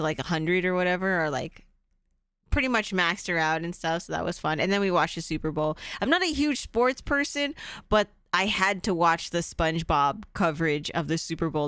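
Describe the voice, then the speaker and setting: A woman's voice: fairly low pitch, fairly bright tone, clear, resonant tone, no echo. A woman streamer chatting casually through gameplay, laughing often and greeting her chat. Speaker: game streamer.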